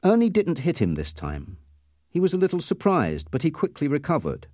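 A man's voice: a little high, wildly swooping pitch, a little mellow, dry recording, clean studio sound. A man reading a story aloud as narrator, in scripted storybook narration. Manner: slow, clearly paced reading.

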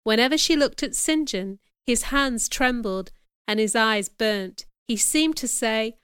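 A woman reading a first-person audiobook chapter as narrator, in clear, measured storytelling. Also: on the high side, expressive, a bit bright, no room sound, studio quality.

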